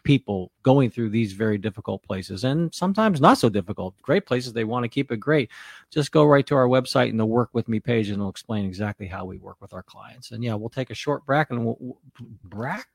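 A man's voice: medium pitch, fairly quick, vocal fry, dry recording, clean studio sound. A man co-hosting a podcast, wrapping up the segment and stumbling over his words. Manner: warm-hearted wrap-up, stumbles over words. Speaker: podcast co-host. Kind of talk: casual chat.

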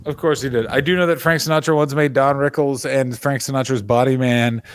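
A man's voice: medium pitch, steady tone, fairly quick, dry recording. A man co-hosting a comedy podcast, swearing freely and riffing with mock voices in casual chat. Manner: profane, riffs with mock impressions.

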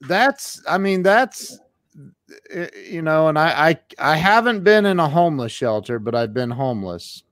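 Slow-talking casual male host, dry sound. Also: fairly high pitch, no room sound. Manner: slow, relaxed, casual with "dude" and "man". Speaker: podcast host. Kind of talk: casual interview chat.

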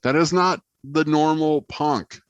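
A man's voice: on the high side, steady tone, slow, smooth, dry recording, muffled recording. A man in a casual interview about songwriting, rambling and joking with lots of fillers, from Texas. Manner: rambling, jokey, many fillers. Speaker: guitarist and songwriter being interviewed. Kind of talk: casual chat.

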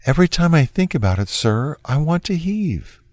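A frightened young woman pleads in a timid, apologetic way, as a man reading a true crime story puts her on. The voice sits higher than his own yet keeps a low floor, with lively swings of pitch. It is close and dry, without room sound. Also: normal speed, no room sound. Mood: fearful pleading.

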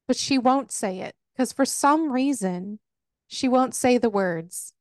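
A woman co-hosting a casual podcast, her voice sitting a little high and recorded dry and close. She retells scenes with energy, slipping into the characters' lines as she goes. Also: slow pace, no echo. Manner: animated retelling, acting out dialogue. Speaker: podcast co-host. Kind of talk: casual book discussion.

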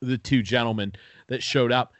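A man's voice: mid-range voice, moderate pace, no room sound. A man hosting a podcast, telling a story in casual chat, acting out the people in it and swearing freely. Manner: animated storytelling, acting out quoted people, profane. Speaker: podcast host.

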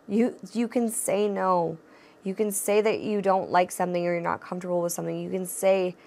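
Podcast host, young woman, gravelly edge, blunt and encouraging. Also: on the low side, fairly even intonation, a little fast, darkish tone. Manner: candid, swears freely, laughs often; encouraging, addresses listeners directly. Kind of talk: casual solo podcast talk.

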